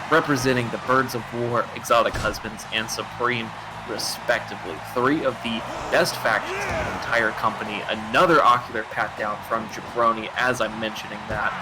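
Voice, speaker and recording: A man calling wrestling play-by-play live, excitable and quick to laugh, his voice jumping up on big moves. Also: mid-range voice. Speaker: play-by-play commentator.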